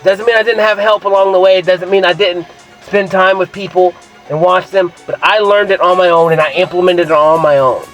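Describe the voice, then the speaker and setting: A young man talks straight at the camera in a loose, rambling monologue, swearing freely and sounding sure of himself. His voice sits a little high for a man. Faint music runs underneath. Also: fairly even intonation, a little fast, a bit bright, poor audio. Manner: rambling, profane and self-assured, with frequent fillers. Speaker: vlogger. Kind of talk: casual personal monologue.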